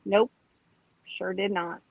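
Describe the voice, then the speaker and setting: A woman's voice: mid-range voice, steady tone, takes it slowly, creaky, no room sound, muffled recording. A woman co-hosting a podcast, answering in short, dry replies during casual chat. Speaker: podcast co-host.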